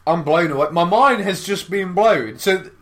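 A man co-hosting a comedy podcast, joking and interrupting with quick quips in animated banter. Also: high voice. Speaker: podcast co-host.

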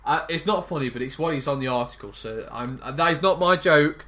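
A man's voice: on the high side, a little fast, fairly bright tone. A man co-hosting a casual comedic podcast, reading odd news stories aloud and laughing through them.

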